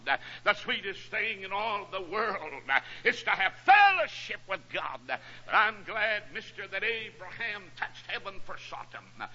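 A man preaching a fiery revival sermon, breaking his phrases with "uh" and climbing into shouts. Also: high voice. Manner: punctuates phrases with "uh", rising to shouts. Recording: dull lo-fi radio broadcast.

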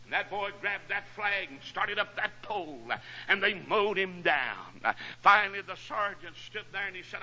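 Fiery preacher, lo-fi radio. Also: male voice, high-pitched, expressive, normal speed. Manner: punctuates phrases with "uh", rising to shouts. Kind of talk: fiery revival sermon. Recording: dull lo-fi radio broadcast.

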